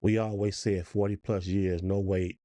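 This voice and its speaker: A middle-aged man co-hosting a podcast in relaxed, casual chat, posing hypothetical questions and reading out listener comments. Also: low-pitched, normal speed, dry recording. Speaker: podcast co-host.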